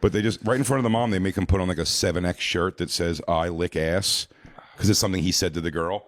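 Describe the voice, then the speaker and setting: A man with a fairly low voice spins loose, animated stories in casual podcast banter. He keeps slipping into shrill put-on voices for the people he describes. The sound is close and dry, with no room around it. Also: quick pace, dry recording. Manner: animated storyteller, jumps into high squealing voices for the people he quotes. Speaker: podcast co-host.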